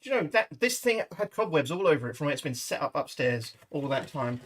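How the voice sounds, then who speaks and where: Chatting to livestream viewers from his kitchen at home, a British man swears freely through casual cooking talk. He speaks a little fast, in a slightly high, sing-song voice with a fairly bright tone.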